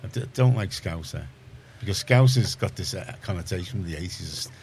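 Deep-voiced Liverpool radio presenter. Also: male voice, a little fast, darkish tone, slight background noise. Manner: chatty, rambling, self-correcting. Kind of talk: casual radio chat.

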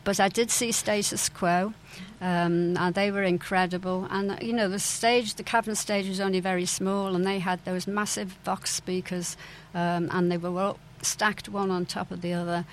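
An older woman reminisces in an interview, her voice sitting low and staying fairly even in pitch. She talks with frequent ums and restarts, and a faint hum of ambience lies behind her. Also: normal speed, few pauses, poor audio. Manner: hesitant, many fillers and restarts. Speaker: interview guest, former club owner's daughter.

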